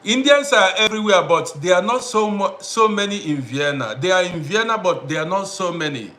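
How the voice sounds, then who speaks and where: Bright-voiced man hosting a live stream. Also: high voice, expressive, a little fast. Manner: greets viewers by name, repeats himself. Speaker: livestream host. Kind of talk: casual live-stream chat.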